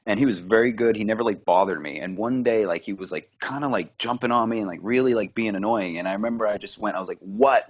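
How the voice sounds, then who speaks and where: A man with a lowish voice chats loosely on a casual talk show. He rambles, piles on fillers and drops the occasional curse as he tells stories. The recording has a dull, lo-fi quality. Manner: rambling, animated storytelling with lots of fillers and swearing. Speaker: podcast co-host. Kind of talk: casual chat.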